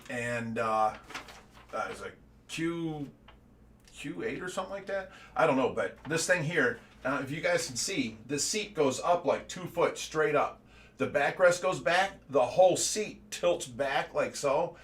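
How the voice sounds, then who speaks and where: A man's voice: a little high, lively intonation, a little slow, a bit bright, a little hiss or hum. A middle-aged man from the United States giving a casual livestream update, rambling and repeating words, with laughs between his stories. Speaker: fish rescue owner giving an update.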